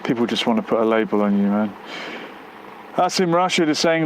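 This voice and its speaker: A man's voice: medium pitch, expressive, brisk, slight background noise, low-quality recording. Rambling man chatting on a live stream. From United Kingdom. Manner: rambling, musing aloud with frequent fillers. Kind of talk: casual live-stream chat, reading viewer comments. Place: outdoors near a road during a storm.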